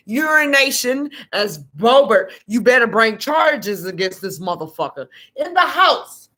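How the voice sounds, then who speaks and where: A woman with a fairly high-pitched voice delivers a fiery political rant straight to her audience. She is blunt and profane, and drives each point home by repeating it. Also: big pitch swings, measured pace, sharp tone. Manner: heated, profane, emphatic; repeats words for emphasis. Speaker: political commentator. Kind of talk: ranting political commentary.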